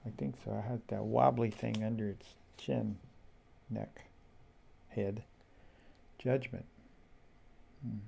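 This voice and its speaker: Unhurried man with a gravelly, mellow voice, muttering thoughts as he looks through cards, faint hiss behind. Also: on the low side, steady tone. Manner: slow, musing, talks to himself. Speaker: tarot deck reviewer. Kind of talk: casual flip-through commentary.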